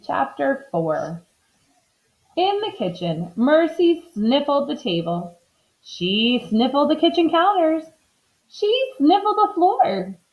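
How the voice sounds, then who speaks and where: Slow, animated woman reading a storybook. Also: high-pitched. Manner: expressive and animated. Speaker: storybook reader. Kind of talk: children's book read-aloud. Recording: slightly dull lo-fi recording.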